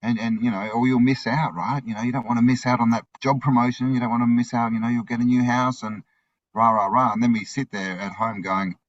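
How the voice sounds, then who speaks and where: A man's voice: mid-range voice, fairly even intonation, a little fast, dull audio. A man talking in casual conversation, rambling with frequent restarts and tag questions.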